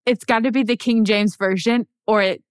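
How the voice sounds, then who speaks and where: A woman's voice: on the high side, fairly even intonation, moderate pace, smooth, dry recording, clean studio sound. A woman co-hosting a podcast who reacts with wry jokes and casual swearing. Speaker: podcast co-host.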